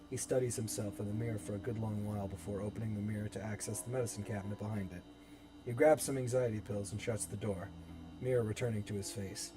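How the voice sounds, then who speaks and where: A young man narrating scene directions evenly in a dramatic reading of his own horror script. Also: fairly low pitch. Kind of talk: dramatic script table-read. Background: background music.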